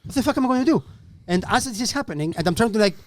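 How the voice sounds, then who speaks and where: A man telling a comedy gig story on a podcast, animated and swearing as he acts out the people in it. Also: high voice, racing, no room sound. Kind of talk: casual podcast anecdote.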